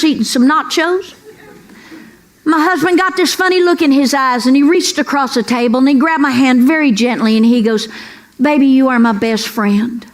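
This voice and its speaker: A middle-aged woman doing a folksy, sassy stand-up routine, calling the crowd "girls" and asking for amens. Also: sits high. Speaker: stand-up comedian. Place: comedy club stage. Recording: live stand-up with crowd noise. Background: audience laughter and room noise.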